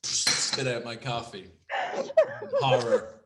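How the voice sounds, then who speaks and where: A man's voice: mid-range voice, lively intonation, normal speed, echoey room, very noisy. A young man co-hosting a casual podcast, joking around, swearing freely and slipping into silly voices. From Ireland. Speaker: podcast co-host. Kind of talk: casual chat.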